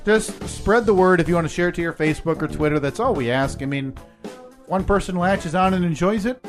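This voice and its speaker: A young man with a somewhat high voice co-hosting a podcast. He teases his co-host with deadpan jokes in loose, casual banter. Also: fairly quick, soft background music. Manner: teasing, deadpan quips.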